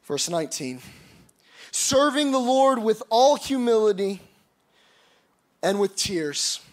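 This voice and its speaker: High-voiced male preacher. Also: very animated, slow. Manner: reads scripture aloud, then preaches with emphatic, rising passages. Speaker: pastor. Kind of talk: sermon.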